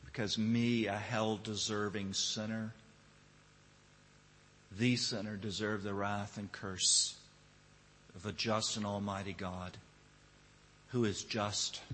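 Man, pastor, sermon, lowish voice, earnest rising emphasis, long church reverb. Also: fairly bright tone, slight background noise. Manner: earnest preaching with swelling emphasis. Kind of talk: sermon and closing prayer.

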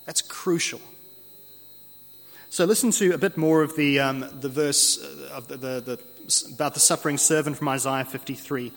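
A man preaching an earnest expository sermon, slowing down to read scripture aloud. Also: medium pitch, fairly even intonation. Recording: long hall reverb.

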